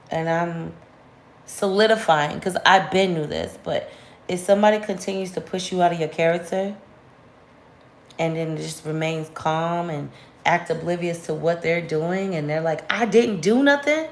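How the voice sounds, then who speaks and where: Vlogging woman, slightly low voice, candid and slangy, echoey room. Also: measured pace, pauses often, a little hiss or hum. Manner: candid, animated, slangy, rising sharply when venting. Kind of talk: casual storytime chat to camera.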